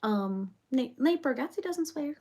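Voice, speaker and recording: A woman's voice: high voice, lively intonation, slow pace, warm tone, husky, exaggerated voice. A woman playing a rambling reality-show personality in a comedic parody monologue, chattering on with loads of fillers.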